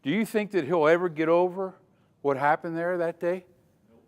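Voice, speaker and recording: Older man, safety trainer, fairly high voice, dramatic lecture, quizzes the crowd, long hall reverb. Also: moderate pace, smooth. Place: conference hall.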